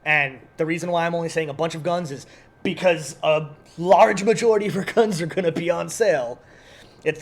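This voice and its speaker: A man on a casual podcast, promoting sales and programs in a relaxed, teasing way. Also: on the high side. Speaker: podcast co-host at an airsoft field.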